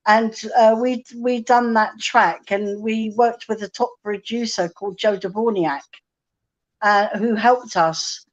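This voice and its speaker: A woman's voice: mid-range voice, slow. A woman, a singer-songwriter guest, chatting casually and telling stories while acting out quoted dialogue. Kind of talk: casual live-stream chat. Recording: dull lo-fi live-stream audio.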